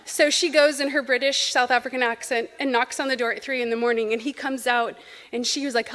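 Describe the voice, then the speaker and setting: A woman in her thirties shares funny personal stories at a memorial. Her voice sits a little high and she talks casually, with laughter breaking in between anecdotes. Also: fairly even intonation, brisk, a bit bright. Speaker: eulogy speaker.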